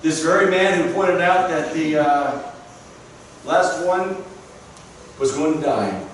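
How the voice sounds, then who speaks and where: A pastor with a high voice preaching earnestly, repeating himself for emphasis. The room is strongly echoey, and he is picked up from a distance. A faint hiss sits underneath. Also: takes it slowly. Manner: earnest storytelling, emphatic repetition. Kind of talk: sermon. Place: church sanctuary.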